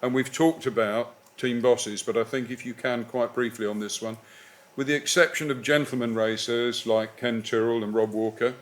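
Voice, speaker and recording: A middle-aged man hosting a live club evening, jovially putting audience questions to his guest and reading them out briskly. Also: mid-range voice, fairly even intonation. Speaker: host. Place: club evening event indoors.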